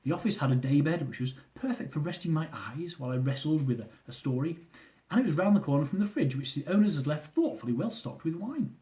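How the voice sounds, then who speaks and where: Brief: male author reading his funny memoir, high-ish voice, very expressive. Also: brisk. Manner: comic, animated storytelling.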